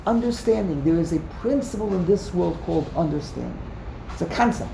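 A man's voice: sits high, expressive, fairly quick, vocal fry, mellow, roomy sound, slight background noise. A man teaching a text-study class, explaining emphatically, often repeating words and restarting sentences. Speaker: Torah teacher.

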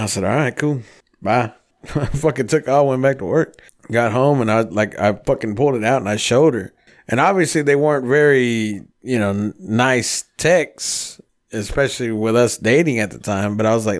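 A man's voice: mid-range voice, brisk. A man in his thirties hosting a casual podcast, telling long rambling stories full of swearing. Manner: profane, rambling storyteller. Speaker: podcast host.

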